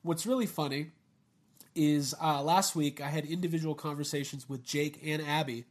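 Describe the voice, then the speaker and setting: A man hosting a casual podcast chat, jokey and animated, laughing at his own jokes. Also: a little high, normal speed. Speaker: podcast host.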